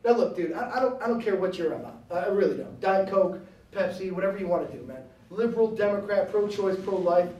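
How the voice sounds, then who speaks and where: A man's voice: high-pitched, quick pace, a little mellow, reverberant, recorded from a distance, lo-fi sound. A man giving a blunt, joking and combative speech to students at a university. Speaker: guest speaker. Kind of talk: animated campus speech. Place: university lecture hall.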